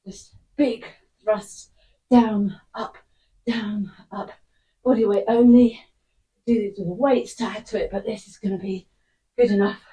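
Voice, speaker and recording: A woman's voice: medium pitch, steady tone, a little slow, dark tone. A woman coaching a workout follow-along, out of breath, giving short encouraging cues between efforts. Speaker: fitness instructor. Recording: voice picked up from a distance.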